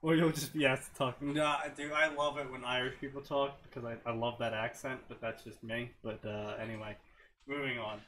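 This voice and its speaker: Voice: medium pitch, flat delivery, moderate pace, a bit bright, a little hiss or hum. A co-host reading fanfiction aloud and ranting about it bluntly, with plenty of swearing, a little tipsy. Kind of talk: comedic reading and commentary.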